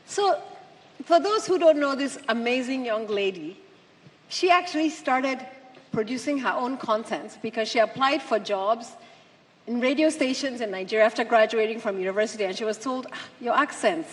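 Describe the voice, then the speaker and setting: A woman's voice: a little high, moderate pace. A woman giving a speech to an audience, emphatic and full of rhetorical questions. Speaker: conference speaker. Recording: long hall reverb.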